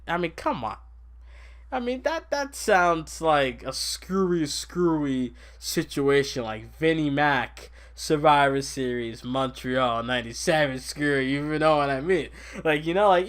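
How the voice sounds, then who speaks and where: A young man hosting a casual podcast, rambling excitably about wrestling and laughing often. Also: fairly high pitch, measured pace. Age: young adult. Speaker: podcast host. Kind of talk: casual wrestling recap chat.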